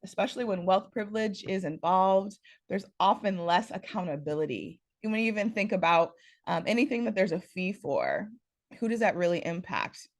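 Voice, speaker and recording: A woman leads an online workshop over a video call, her voice still a little hoarse and scruffy from the morning. She talks in a lively, playful way, with her pitch and loudness rising and falling often. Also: normal speed. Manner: animated, playful, varies pitch and loudness a lot. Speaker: workshop facilitator, guest speaker. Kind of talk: informal presentation.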